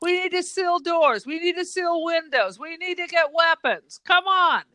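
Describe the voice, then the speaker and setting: A woman's voice: very high voice, normal speed, bright, forceful tone, no echo. A woman co-hosting a podcast, reacting to a movie in an exasperated, emphatic way. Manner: exasperated, emphatic, laughs often. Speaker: podcast co-host. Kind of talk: casual movie-review chat.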